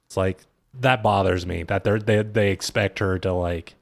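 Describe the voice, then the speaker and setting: A man's voice: low voice, fairly even intonation, normal speed, vocal fry, no echo. A man in casual podcast chat, rambling through a reality-show recap with lots of fillers. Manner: rambling recaps with quoted impressions. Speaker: podcast co-host.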